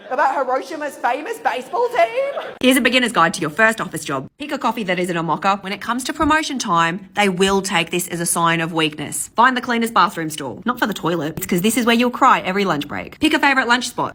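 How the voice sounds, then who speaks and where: A woman's voice: mid-range voice, a bit bright, a little hiss or hum. A young woman giving comedic vlog commentary with wry, sarcastic jokes. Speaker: vlogger.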